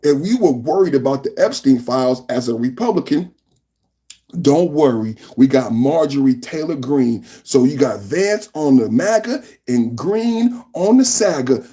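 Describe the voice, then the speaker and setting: A man hosting a live political podcast, talking in a mocking, animated way that repeats his points over and over. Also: mid-range voice, normal speed. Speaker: podcast host. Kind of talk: live-stream political commentary.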